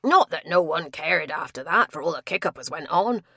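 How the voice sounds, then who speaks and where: A woman reading a big, sulky male tavern tapster with gruff rustic dialect speech. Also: deep voice, lively intonation, moderate pace, bright, forceful tone, dry recording, clean studio sound, full character voice. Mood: grumbling.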